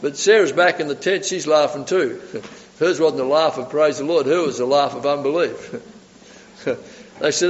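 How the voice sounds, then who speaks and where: A man's voice: medium pitch, moderate pace. A man preaching a sermon, telling Bible stories with animation and frequent chuckles. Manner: animated storytelling, chuckling often. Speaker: pastor. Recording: dull hall recording with long reverb.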